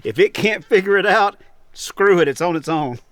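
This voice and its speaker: A man's voice: sits high, lively intonation, moderate pace, fairly bright tone, dry recording. A man chatting casually and teasingly while he plants seeds in a basement setup. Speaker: home gardening vlogger. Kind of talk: casual joking chat. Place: basement seed-starting setup.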